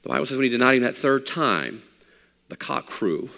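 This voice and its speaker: A middle-aged man preaching a sermon as pastor, animated and rising to near shouts. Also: medium pitch, brisk, creaky, long reverb tail. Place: church sanctuary.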